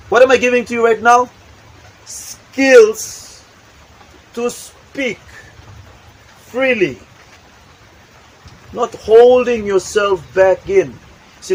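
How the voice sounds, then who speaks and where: A motivational speaker gives an emphatic, repetitive talk, acting out examples as he goes. His voice is high-pitched and husky, and the audio is poor.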